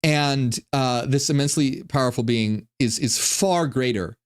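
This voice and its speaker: A man giving casual, irreverent commentary on ancient texts, animated and full of stumbling restarts. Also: medium pitch, measured pace, clean tone. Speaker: online religion commentator.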